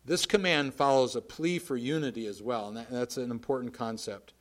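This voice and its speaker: A man's voice: mid-range voice, steady tone, brisk. Earnest male preacher delivering a sermon. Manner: emphatic, swings from loud to quiet.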